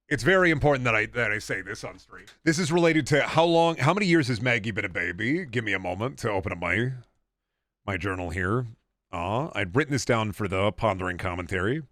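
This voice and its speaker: A man streaming a game, rambling and profane, bursting into excited rants. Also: on the low side, no room sound. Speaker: gaming streamer. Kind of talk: live game-stream commentary.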